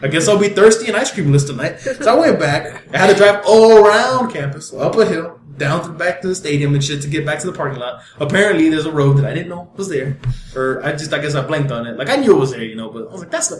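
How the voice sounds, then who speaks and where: Fast, animated young man telling a story. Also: a little high, reverberant. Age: young adult. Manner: animated, profane, acts out voices of others in his story. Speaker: podcast co-host. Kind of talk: casual storytelling among friends.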